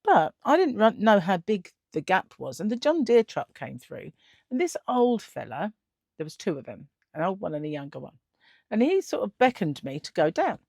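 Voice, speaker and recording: A woman's voice: mid-range voice, very animated, normal speed, gravelly, a little mellow, no echo, studio quality. A middle-aged woman telling a story in a casual vlog, chatty and laughing often, acting out the other people in it. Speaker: vlogger.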